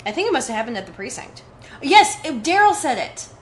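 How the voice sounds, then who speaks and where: A woman's voice: high-pitched, very animated, brisk, a little hiss or hum. A woman co-hosting a podcast, chatting bluntly and swearing freely about a TV episode. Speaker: podcast co-host. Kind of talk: casual recap chat.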